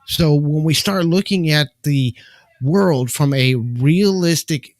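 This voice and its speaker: A man hosting a live stream from home, giving a calm, earnest and measured reflective spiritual talk into a microphone. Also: fairly high pitch, dry recording. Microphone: desk microphone.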